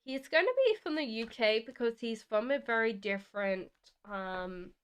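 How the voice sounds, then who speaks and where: A woman's voice: on the high side, normal speed, smooth. An Australian woman giving tarot readings on a live stream, chatting and answering viewer questions reassuringly. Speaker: tarot reader.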